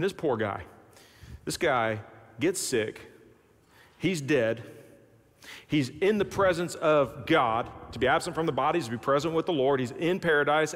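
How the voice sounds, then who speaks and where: This pastor's voice is high-pitched and fairly bright as he delivers a sermon, dramatizing the story and acting out the people in it. The setting is a large church sanctuary with long, hall-like reverb.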